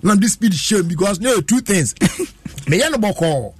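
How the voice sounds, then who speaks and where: A man's voice: high-pitched, very animated, measured pace, breathy edge, no room sound. A man, telling a long story in a casual chat and laughing often as he goes.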